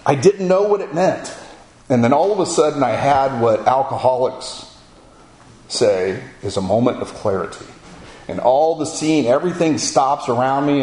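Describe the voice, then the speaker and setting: A man in his forties tells a personal testimony, acting out his inner thoughts as he goes. His voice sits at a middle pitch. The sound carries a noticeable roomy echo. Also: a little mellow. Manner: storytelling with quoted inner thoughts. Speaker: speaker telling his story.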